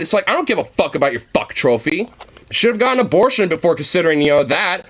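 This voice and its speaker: This vlogger talks quickly in a high, lively, slightly bright voice while venting to camera. His heated monologue rambles, with swearing throughout and gaps filled by "you know" and "like."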